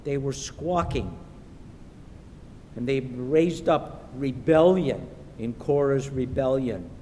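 A man preaching a sermon in a church, slow and emphatic, sometimes acting out the voices of the people in his stories. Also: animated, mellow. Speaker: pastor. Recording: echoey hall with faint rumble.

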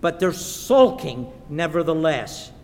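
A man preaching in an echoey church hall, unhurried and deliberate, with his voice set a little high for a man. He leans hard on key words and sometimes acts out the voices of people in his stories. A faint rumble runs underneath. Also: sing-song, darkish tone. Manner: slow and emphatic, acts out quoted voices. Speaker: pastor. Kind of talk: sermon.

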